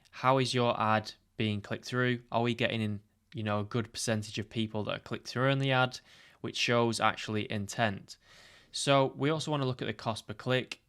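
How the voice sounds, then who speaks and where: A man's voice: fairly low pitch, a bit bright, clear, resonant tone. A man coaching on ad marketing, explaining step by step in a casual tutorial with many "you know" fillers. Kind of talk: screen-share tutorial.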